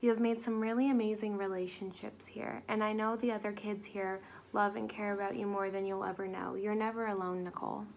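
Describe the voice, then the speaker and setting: A young woman narrating and playing a caring group home worker, calm and patient, in a student role-play scene. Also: medium pitch, brisk, gravelly, hardly any pauses. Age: young adult. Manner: calm, gentle, patient questioning.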